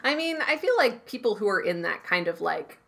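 A woman co-hosting a podcast, talking casually about a TV show in an animated, filler-heavy way. Her pitch sits in the middle range for a woman, and she swears freely as she riffs. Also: fairly quick, vocal fry. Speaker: podcast co-host. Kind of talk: casual TV episode recap chat.

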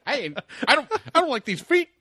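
Man doing a shrill squeaky falsetto guy. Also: big pitch swings, a little fast, sharp tone, no room sound, heavily acted. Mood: squealing.

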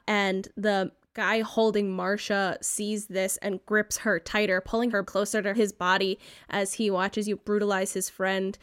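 A woman's voice: mid-range voice, clear, resonant tone, no echo, studio quality. Woman narrating as game master. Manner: descriptive, relaxed, with fillers.

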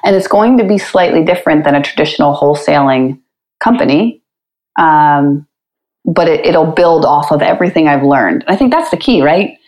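A woman guest on a podcast telling her story in a candid, chatty way, with quick asides and frequent laughter. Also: low-pitched, expressive, a little mellow, poor audio. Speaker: podcast guest, real estate investor.

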